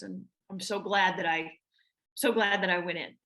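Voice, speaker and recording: A woman's voice: mid-range voice, steady tone, moderate pace, a bit bright. A woman with a Southern American accent, an actress answering interview questions in a chatty way with many restarts and fillers. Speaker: actress guest.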